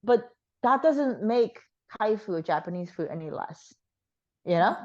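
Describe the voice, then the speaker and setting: A slightly hoarse woman chatting frankly as an interview guest, with plenty of fillers. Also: mid-range voice, animated, a little slow, darkish tone, highs cut off. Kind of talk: casual chat.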